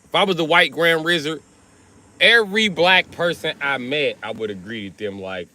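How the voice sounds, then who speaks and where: A man hosting a livestream, riffing through a crude comedic monologue and jumping into high put-on voices for quotes. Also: expressive, normal speed, pushed and bright, a little hiss or hum. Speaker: livestream host.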